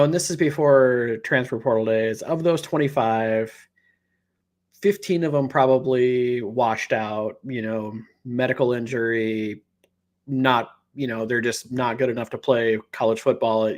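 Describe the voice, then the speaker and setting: A man co-hosting a laid-back sports podcast, thinking aloud as he talks and leaning on fillers. His pitch is middle for a man, and the delivery is conversational. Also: fairly even intonation, normal speed. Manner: rambling, many fillers like "you know". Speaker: podcast co-host. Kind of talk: casual sports chat.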